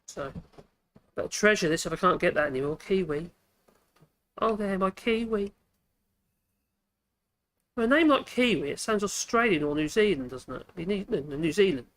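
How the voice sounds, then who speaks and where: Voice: medium pitch, expressive, normal speed, pauses often, fairly bright tone. A woodworking channel host, chatting casually while demonstrating at the workbench, thinking aloud and correcting themselves as they go.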